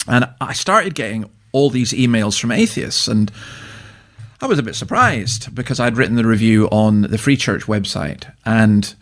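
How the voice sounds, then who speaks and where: A man's voice: on the low side, animated, normal speed. Older Scottish man, chatty storyteller. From Scotland. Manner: chatty storyteller, chuckling, frequent restarts. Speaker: guest minister. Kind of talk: casual interview chat.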